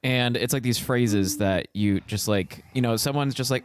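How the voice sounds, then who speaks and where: Smooth low-voiced rambling man. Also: moderate pace, no echo. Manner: rambling with many ums and likes. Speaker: podcast co-host. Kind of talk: casual chat.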